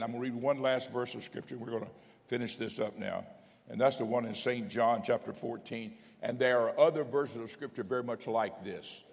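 An older man, a bishop, preaching a folksy teaching sermon and reading scripture aloud with rising emphasis. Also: mid-range voice. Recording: long hall reverb.

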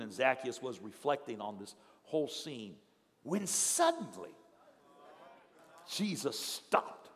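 A male pastor preaching a sermon in a dramatic storytelling manner, swinging from hushed tones to shouts. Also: mid-range voice. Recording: long hall reverb, faint crowd.

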